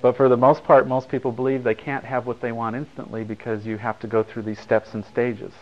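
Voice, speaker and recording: A man's voice: medium pitch, little pitch movement, brisk. A man speaks to an audience in a casual, wry storytelling manner, often wandering off into side remarks. His voice sits in a middle range, and the recording sounds slightly dull. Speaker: speaker at a talk.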